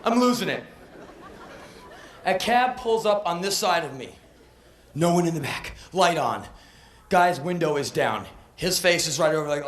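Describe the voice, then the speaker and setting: A man in his thirties performing a comedic spoken word monologue on stage, breathless and swinging from deadpan to yelling. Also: on the high side, measured pace, long pauses, some chatter behind. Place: live stage. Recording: echoey live venue on old VHS.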